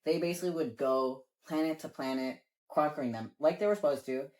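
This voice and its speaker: A man's voice: on the high side, a little fast. Rambling man chatting casually. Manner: rambling, leans on filler words; casual swearing. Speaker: co-host. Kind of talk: casual lore chat.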